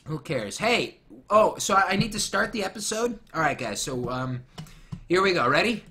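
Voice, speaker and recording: A young man hosts casual commentary, rambling, joking, and drifting off on tangents. His voice is high and sharp with some creak at a normal speed, and there's a slight hiss or hum in the audio.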